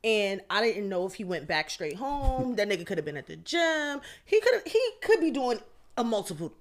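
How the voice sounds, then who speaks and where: Woman podcast co-host: animated, profane storyteller, mid-pitched voice. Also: normal speed. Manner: animated, swearing, quotes her own texts. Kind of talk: casual chat, storytelling.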